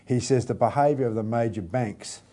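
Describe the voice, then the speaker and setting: A man's voice: medium pitch, normal speed, mellow. An Australian man co-hosting a political talk show, explaining his points at length and stressing them over and over. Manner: explanatory, builds points with repeated emphasis. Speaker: co-host.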